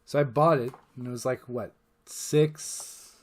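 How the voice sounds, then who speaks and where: A man rambles through a casual vlog monologue in a voice of ordinary middle pitch. He swears freely and fills his sentences with uhs and restarts, talking like he's chatting to a friend. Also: steady tone, measured pace, darkish tone. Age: adult parent. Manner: rambling and profane, heavy with fillers. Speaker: channel host.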